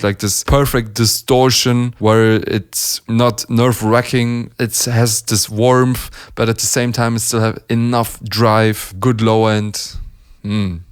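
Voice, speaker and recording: Enthusiastic man. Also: medium pitch. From Germany. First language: German. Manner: enthusiastic, laughs often, demonstrates sounds. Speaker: beatbox reaction host. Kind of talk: casual analysis commentary.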